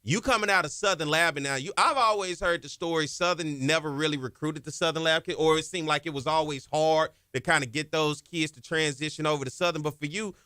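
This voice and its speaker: A man hosting a sports talk radio show, energetic and conversational as he interviews a guest. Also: fairly high pitch, clean tone, no room sound, clean studio sound. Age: 30s. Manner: energetic, conversational, drawn-out questions. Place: radio studio.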